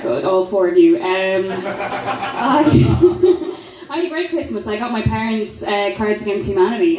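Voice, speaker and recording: A woman's voice: medium pitch, a little mellow. A young Irish woman doing a stand-up comedy set, brash and sweary, often laughing at her own jokes. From Ireland. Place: comedy club stage. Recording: roomy club sound from far off.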